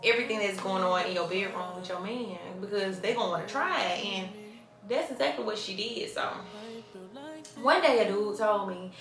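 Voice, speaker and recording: A woman's voice: mid-range voice, moderate pace, roomy sound, music in the background. A woman, telling stories in a blunt, profane, conversational Q&A vlog. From Mobile, Alabama, US. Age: 20s. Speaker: vlogger. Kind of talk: casual Q&A storytelling.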